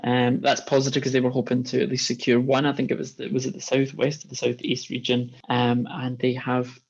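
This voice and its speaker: A man with a gravelly, slightly husky voice, chatting about politics on a podcast. He sounds emphatic and indignant. The mic sounds dull and lo-fi. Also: mid-range voice, completely flat delivery, a little fast. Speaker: podcast co-host. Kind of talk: casual political chat.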